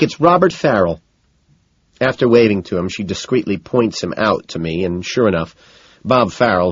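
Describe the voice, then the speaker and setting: Low, husky male audiobook narrator. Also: no echo, lo-fi sound. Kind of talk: first-person novel narration.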